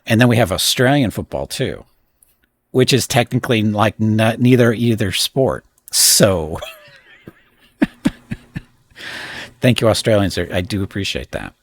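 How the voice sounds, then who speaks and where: Middle-aged streamer, husky low voice with lively swings, opinionated and rambling. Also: male voice. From United States. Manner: rambling, opinionated, quick asides to chat. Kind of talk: casual live-stream commentary.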